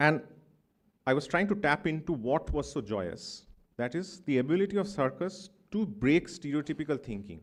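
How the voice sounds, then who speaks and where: A man's voice: on the high side, very animated, a little fast. A man in his thirties with a Bengali accent, giving an academic conference talk in a thoughtful, discursive way with many asides. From India. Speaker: conference speaker. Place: conference hall.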